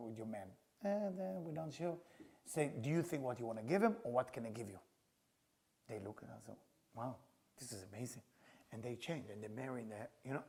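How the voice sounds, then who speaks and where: A man teaching with personal stories, an animated storyteller who speaks English as a second language with loose grammar. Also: a little high, gravelly. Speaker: spiritual teacher.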